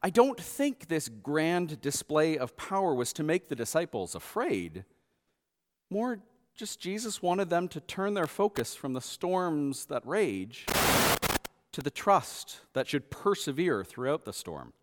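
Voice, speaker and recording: Man preaching with lively pitch in a hall. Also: measured pace. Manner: expressive, acts out quotes softly and loudly. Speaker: pastor. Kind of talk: sermon.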